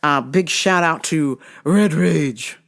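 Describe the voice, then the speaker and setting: A woman's voice: deep voice, slow pace. A woman hosting her own online radio show in a casual, joking monologue, laughing often and swearing freely. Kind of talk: casual solo podcast monologue.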